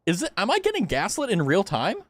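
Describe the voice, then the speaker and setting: A man streaming a game, voice somewhat high and leaping all over the place, from low mutters to squeaky yelps. He rambles, laughs a lot and swears casually, with faint noise behind him. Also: wildly swooping pitch, fast talker. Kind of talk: casual live gameplay chat.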